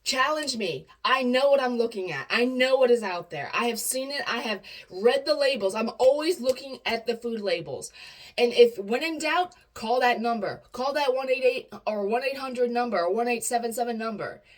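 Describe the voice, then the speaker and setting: Young woman, high voice, indignant blunt rant to camera. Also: animated, moderate pace, rough recording. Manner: indignant, blunt, swears freely.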